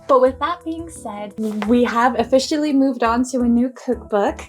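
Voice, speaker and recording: A young woman chatting excitedly in a casual cooking vlog, gushing and squealing with delight. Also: fairly high pitch. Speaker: cooking vlogger.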